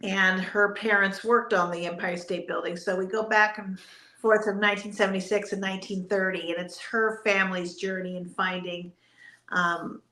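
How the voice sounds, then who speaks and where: Bright, frank actress in an echoey room. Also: female voice, medium pitch, flat delivery, normal speed. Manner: frank, matter-of-fact. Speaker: Broadway actress, guest. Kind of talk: casual chat interview. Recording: roomy, echoey sound.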